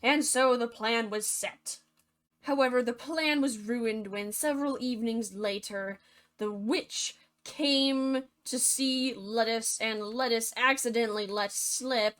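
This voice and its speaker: A woman narrates a fairy tale as comedy, dropping sarcastic jokes in a bubbly, quick manner. Her voice is bright and sits slightly high. The delivery is playful storytelling. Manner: sarcastic, jokey asides, fast and bubbly.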